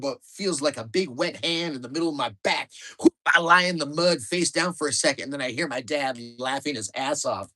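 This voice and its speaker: Man reading his memoir, wry and lively. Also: on the high side. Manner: wry, lively delivery that speeds up at exciting moments. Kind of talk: storytelling book reading.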